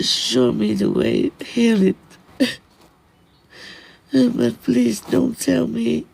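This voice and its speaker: A man speaking as a disciple to his spiritual teacher, in an earnest, halting plea of short broken phrases. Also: sits high, creaky, darkish tone, poor audio. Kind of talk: heartfelt personal plea.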